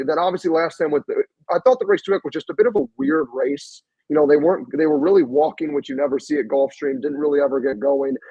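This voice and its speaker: A man co-hosting a podcast, breaking down races in long, quick, detailed run-on stretches. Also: a little high, darkish tone, husky, no room sound, highs cut off. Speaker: podcast co-host. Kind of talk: fast analytical chat.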